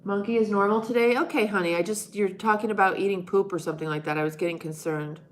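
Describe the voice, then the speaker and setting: Speaking quickly with fairly even intonation and a medium pitch, a woman chats with viewers on her casual live stream. She's playful and teasing, and every so often she lets out loud monkey noises.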